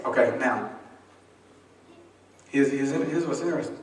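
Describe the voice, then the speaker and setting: A man's voice: mid-range voice, unhurried. A male pastor preaching in a church. He uses a folksy, humorous, call-and-response style and often asks the congregation to finish his lines. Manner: folksy, humorous, conversational delivery. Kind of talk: sermon. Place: church sanctuary. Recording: echoey church from a distant mic.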